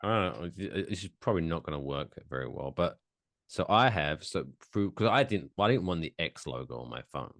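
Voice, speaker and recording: A man's voice: deep voice, expressive, a little fast, creaky, a bit bright, no echo, clean studio sound. A man co-hosting a podcast in casual banter, playful, with announcer-style build-ups that draw out names. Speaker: podcast co-host.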